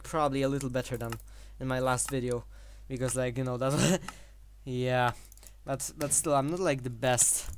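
A man's voice: mid-range voice, clear, resonant tone. A man giving casual gameplay commentary, rambling with many fillers and short laughs between phrases. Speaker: gaming channel host.

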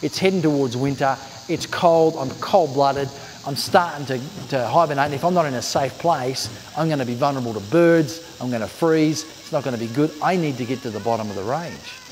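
A man voicing a stranded, cold rattlesnake that calmly pleads for help in a told story. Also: mid-range voice, a little fast, a little hiss or hum, close to an everyday voice. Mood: pleading. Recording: long hall reverb, faint music.

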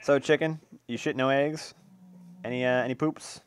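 A young man casually commentating his own game play, excitable and swearing, cooing baby talk at the animals. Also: medium pitch, moderate pace, clean tone. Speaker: gaming video host.

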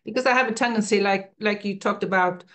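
A woman's voice: mid-range voice, fast talker, a bit bright. A woman taking part in a workshop, speaking tentatively and agreeably. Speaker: workshop participant.

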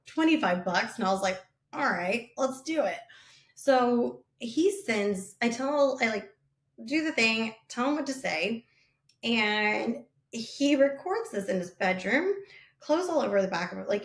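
A woman founder giving sales advice in a casual storytelling talk, chatty and animated, full of fillers, acting out the lines of the people in her story. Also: mid-range voice, unhurried. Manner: animated, chatty, many fillers, acts out quotes. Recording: roomy echo.

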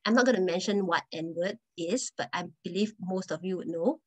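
A woman's voice: lowish voice, moderate pace, poor audio. A woman guest speaker telling personal stories in a presentation talk, conversational and earnest, often restarting her phrases.

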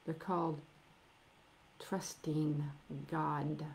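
A middle-aged woman delivers a sermon at an unhurried pace in a somewhat low voice. She leans hard on key words, stretches them out, and sometimes sinks to a hushed near-whisper. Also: level tone, slight background noise. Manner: emphatic, with slow drawn-out stresses and soft near-whispered asides. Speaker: preacher.

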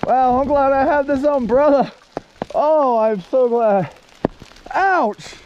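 A man with a strikingly high voice talks in a slow, drawn-out way as he hikes outdoors. He whoops, laughs and swears freely into a handheld camera while walking. There is a faint hiss of background noise. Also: lo-fi sound. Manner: exclamatory, profane, laughs often, loud whoops. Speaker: long-distance hiker vlogging. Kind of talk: casual walking vlog monologue. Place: outdoors on a mountain road.

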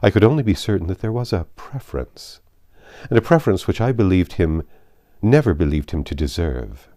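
A man reading a grave older gentleman's lines in a classic novel, speaking in a heartfelt way. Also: low voice, sing-song, brisk, no echo, clean studio sound.

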